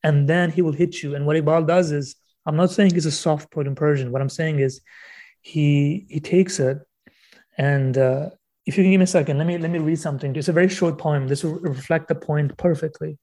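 A guest author on a podcast interview, this man earnestly explains poetry and reads verse aloud slowly, often repeating words while he thinks. His voice is a little high and mellow, with fairly even intonation.

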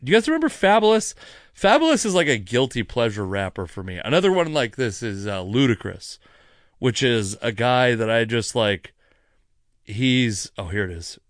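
A man hosting a podcast, telling a rambling story in a casual, animated way, cursing freely, with many asides, while sipping wine. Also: medium pitch, normal speed, no echo, clean studio sound. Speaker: podcast host.

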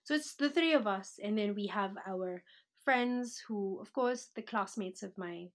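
A woman's voice: medium pitch, measured pace. A woman from the Philippines with a Manila accent, chatting as a podcast guest, laughing often and slipping into Tagalog. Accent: Filipino, Manila. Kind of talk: casual interview chat.

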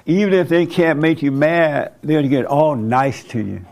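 A man's voice: a little high, lively intonation, measured pace, creaky, a little mellow. A man preaching an informal sermon to a small group, conversational, asking rhetorical questions and chuckling at his own points.

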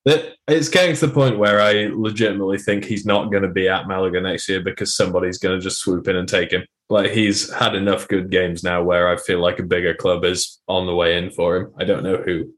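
A man co-hosting a sports podcast, talking through games in a measured, analytical way with frequent hesitations. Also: low-pitched, steady tone. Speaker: podcast co-host. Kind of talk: casual sports chat.

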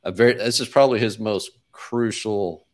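Brief: male podcast host, very low voice, measured and hedging. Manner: measured, thinking aloud with hedging. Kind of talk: casual podcast chat.

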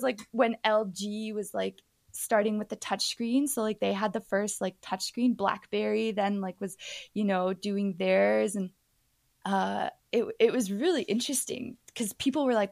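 A woman from Ontario, a podcast guest telling stories casually, with frequent "like" and lively acted-out quotes. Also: medium pitch, moderate pace, vocal fry, no room sound, studio quality. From Ontario, Canada. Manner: chatty, heavy use of "like", acts out quoted voices. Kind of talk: casual storytelling.

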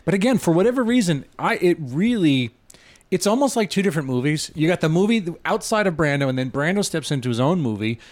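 A man's voice: a little high, sing-song, fast talker. Enthusiastic male filmmaker on a podcast. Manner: enthusiastic, casual swearing, musing aloud. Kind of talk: casual film discussion.

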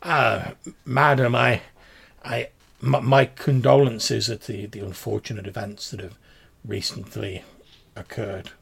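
A man voicing a nervous, pompous gentleman patron who stutters through grand old-fashioned speeches. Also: medium pitch, steady tone, measured pace, gravelly, husky, exaggerated voice.

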